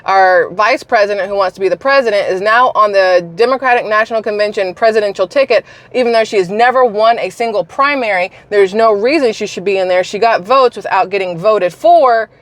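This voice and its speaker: A woman vlogger talks straight to her viewers in a casual, scornful rant, hitting her points hard. Her voice sits at an ordinary middle pitch. It is recorded close and dry, with no room sound. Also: brisk, few pauses, no room sound. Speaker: political commentary vlogger. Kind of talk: casual opinion rant to camera.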